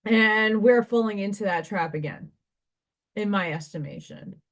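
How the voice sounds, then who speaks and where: A woman's voice: medium pitch, a little slow. A woman giving a spiritual card reader's monologue to her viewers, meandering and conversational and thinking aloud with asides.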